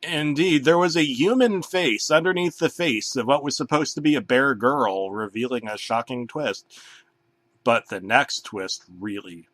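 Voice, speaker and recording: A man narrating a comedic horror story in a deadpan, crude manner. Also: mid-range voice, a little slow, no room sound.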